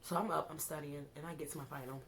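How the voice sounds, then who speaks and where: A young woman recounts a story in a relaxed, casual vlog style. Her voice sits low, and she acts out her own lines with real animation. A faint hum of room noise runs under her voice. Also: quick pace. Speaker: vlogger telling a story.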